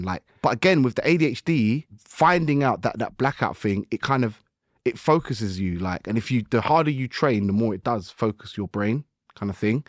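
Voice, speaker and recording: A man, a guest musician on a podcast, telling stories in lively slang and acting out his own inner voice. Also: mid-range voice, fairly quick, dry recording, clean studio sound. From United Kingdom. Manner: animated storytelling with slang and acted-out self-talk. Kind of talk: casual podcast conversation.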